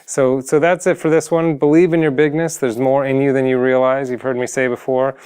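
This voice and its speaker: A man's voice: mid-range voice, little pitch movement, a little fast, few pauses, a little mellow, smooth. A man giving motivational advice on singing, talking casually and earnestly to the camera, full of fillers and restarts. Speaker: singing coach.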